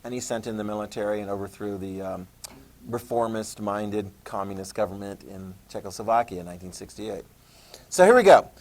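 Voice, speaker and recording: A man teaching a history lesson, telling events as a lively story, repeating key terms for note-taking and briefly mimicking leaders in quick voices. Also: fairly low pitch, a little hiss or hum. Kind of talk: classroom lecture.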